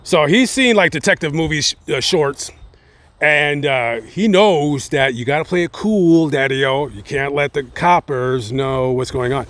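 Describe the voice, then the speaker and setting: A man's voice: a little high, unhurried, a bit bright. A man casually telling a true-crime story, rambling with slang, fillers and joking asides. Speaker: host.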